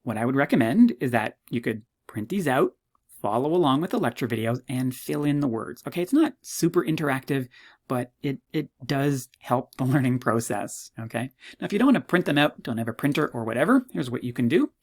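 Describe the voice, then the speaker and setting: A man teaches a university psychology course in a recorded walkthrough. He talks fast and casually, with self-mocking jokes. His pitch jumps when something amuses him. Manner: chatty, self-mocking, jokey asides; quick, animated delivery with sudden pitch jumps.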